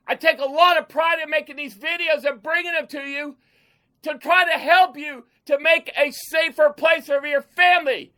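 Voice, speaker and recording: A man's voice: extremely high pitch, fairly even intonation, moderate pace, sharp tone. A man who builds bunkers and hosts his own channel, talking straight to his viewers in an angry, off-the-cuff rant. He is emphatic and heated, and he repeats himself as he talks.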